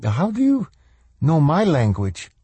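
A man's voice: on the high side, huge pitch swings, slow pace, dark tone, husky, no room sound, voice pushed up, exaggerated voice. A man reading a novel aloud, voicing a dazed, tearful Cuban woman in a raised voice. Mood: puzzled.

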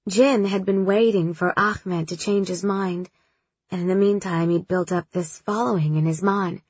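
A woman voicing a gentle, wistful young woman who speaks softly and reflectively. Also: lowish voice, fairly even intonation, moderate pace, husky, no echo, dull audio.

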